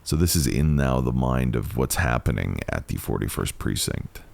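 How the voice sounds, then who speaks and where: A man's voice: a bass voice, moderate pace, gravelly. A man hosting a game playthrough, reacting aloud and reading the game's text. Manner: animated, reacts and muses aloud. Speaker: gaming channel host.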